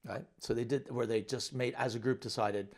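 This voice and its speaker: A middle-aged man, a comedian, telling an animated anecdote, halting and restarting as he goes. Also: mid-range voice. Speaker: comedian guest. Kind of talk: storytelling anecdote on a podcast.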